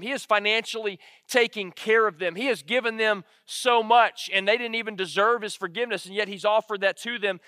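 A man's voice: high voice, sharp tone, no echo, clean studio sound, big-room sound. A man from Alabama, preaching a sermon as pastor, earnest and repeating key lines for emphasis. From Alabama, United States.

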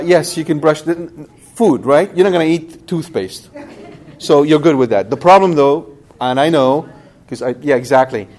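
Lively man teaching a Bible study. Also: fairly high pitch. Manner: lively, talks directly to the audience with questions.

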